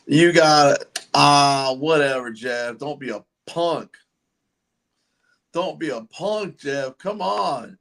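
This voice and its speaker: A man's voice: fairly high pitch, slow pace, creaky, fairly bright tone. A man hosting a casual livestream, chatting loosely and joking with viewers and guests. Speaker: livestream host.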